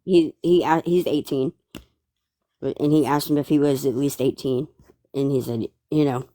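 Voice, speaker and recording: A caller in their forties on a live stream, speaking hesitantly, with halting starts and many fillers. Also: mid-range voice, fairly even intonation, dark tone.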